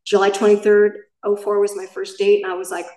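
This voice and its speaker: A middle-aged woman speaks frankly about her own life, looping back and fixing her words as she goes. Her voice sits at an ordinary pitch and reaches the mic from some distance across a roomy, echoing space. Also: flat delivery, brisk, a little mellow. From Southern California. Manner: candid, rambling storytelling with self-corrections. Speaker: main speaker at a recovery meeting. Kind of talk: personal recovery share.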